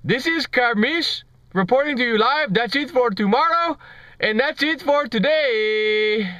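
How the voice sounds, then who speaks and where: A man's voice: very high voice, lively intonation, unhurried, bright, forceful tone, no room sound, pitched above the performer's own voice, full character voice. A man putting on an Indian accent to voice a flustered male TV news anchor who sputters at his teleprompter. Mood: announcing. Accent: put-on Indian accent.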